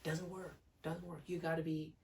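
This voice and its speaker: Expressive male speaking coach, distant mic. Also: on the high side, normal speed, vocal fry, a little hiss or hum. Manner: expressive, swings between loud and hushed delivery to demonstrate. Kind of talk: teaching talk to camera.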